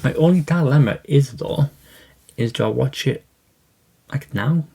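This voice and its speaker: A man hosts a relaxed unboxing vlog, showing off his latest disc purchases. His voice has a gravelly fry and a dark, mellow tone. He talks in a loose, meandering way, often pausing with fillers and starting his sentences over. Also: medium pitch. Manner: rambling, hesitant, many fillers and restarts. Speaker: collection vlog host.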